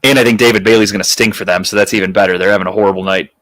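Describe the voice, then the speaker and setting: A man co-hosting a casual sports podcast, talking football picks in an animated, joking way and swearing freely. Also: fairly low pitch, rapid-fire, no room sound. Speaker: podcast co-host.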